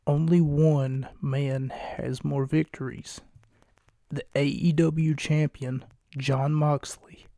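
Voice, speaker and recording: Guy doing a solo wrestling podcast at 2am, half whispering, flat mellow voice, dry close mic. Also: fairly high pitch, takes it slowly, creaky, dry recording. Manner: hushed, late-night, jokey and rambling. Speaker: podcast host. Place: home recording space at night.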